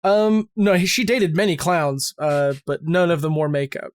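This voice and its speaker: A man's voice: fairly high pitch, normal speed, smooth. A man co-hosting a comedic podcast, joking around and going off on playful mock-serious rants. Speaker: podcast co-host. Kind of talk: casual comedic podcast chat.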